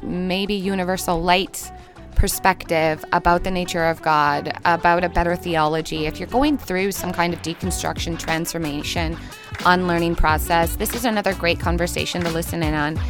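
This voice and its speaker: A woman with a Minnesotan accent, giving a podcast intro in a gentle, earnest, unhurried way. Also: on the low side, steady tone, music in the background. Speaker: podcast host. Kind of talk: reflective podcast intro monologue.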